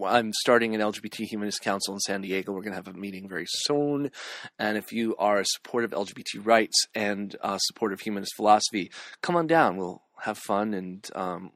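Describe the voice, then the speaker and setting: Low-voiced man rambling through news. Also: fairly quick, a bit bright, no room sound. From California. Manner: hesitant, full of ums and restarts. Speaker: vlogger and community organizer. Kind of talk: casual news roundup vlog.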